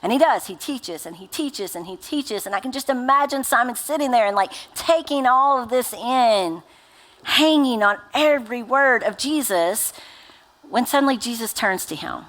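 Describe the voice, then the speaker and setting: A woman's voice: on the high side, lively intonation, moderate pace, fairly bright tone. A woman pastor in her thirties preaching a sermon in a chatty, conversational way, full of filler words. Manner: conversational, uses many fillers like "like" and "right?".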